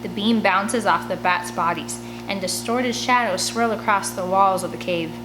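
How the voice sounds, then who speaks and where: A woman's voice: mid-range voice, normal speed, over music, rough recording. Woman reading a kids' book aloud. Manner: expressive storytelling, chatty asides. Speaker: audiobook reader. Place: home room by a large window. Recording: steady background hum.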